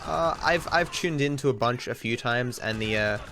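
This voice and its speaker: A man's voice: mid-range voice, normal speed. A young Australian man chatting casually while streaming a game, rambling, with candid opinions and frequent restarts. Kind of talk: casual chat while gaming. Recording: game music playing behind.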